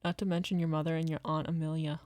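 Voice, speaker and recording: A gentle, doting father speaks fondly and unhurriedly, as a woman reads his part. The voice sits low and even, with a mellow tone. The sound is dry and close. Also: quick pace, dry recording, lightly acted. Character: gentle doting father, middle-aged man.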